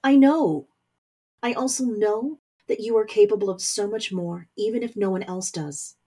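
A woman voicing a stern, powerful middle-aged mother who is a warlock general, speaking forcefully with scorn. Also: mid-range voice, moderate pace, slightly rough, natural voice. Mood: weary earnest. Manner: forceful, scornful, rising to anger.

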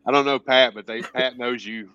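A man co-hosting a podcast, chatting casually, enthusiastic and quick to laugh. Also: medium pitch, fairly even intonation, bright, forceful tone, clear, resonant tone, lo-fi sound. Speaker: podcast co-host. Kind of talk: casual chat.

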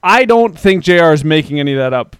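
A chatty man hosting a loose podcast conversation, with a smooth, clear voice that sits a little high. The sound is dry and close, with almost no room in it. He rambles casually and now and then reads out comments from listeners. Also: animated, quick pace, no echo. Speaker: podcast host. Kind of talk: casual chat.

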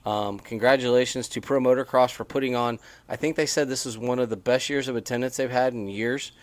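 A man's voice: mid-range voice, steady tone, a little fast, no echo. A man co-hosting a casual motocross podcast, chatty and rambling with frequent restarts. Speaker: podcast co-host. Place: on a porch.

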